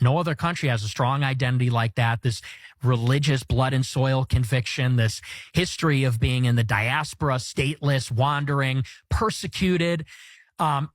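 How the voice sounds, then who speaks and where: A man giving political commentary in a measured, lecturing way. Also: medium pitch, dry recording.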